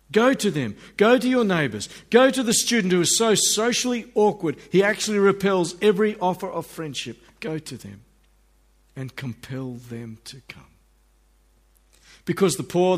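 A middle-aged man, preaching a sermon and acting out the people in his stories. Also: on the high side. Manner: animated, acts out voices of people in the stories.

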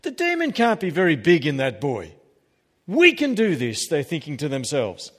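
Pastor, male, emphatic sermon voice with jokey asides, pitched a bit high, long hall reverb. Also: huge pitch swings, moderate pace. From Australia. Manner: emphatic preaching with humorous asides. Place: church hall.

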